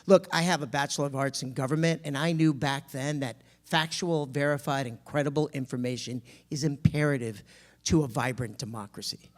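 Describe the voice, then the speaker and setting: A man's voice: steady tone, a little fast. A man telling a personal story to an audience, acting out the dialogue dramatically. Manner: dramatic, acts out dialogue with big pitch swings.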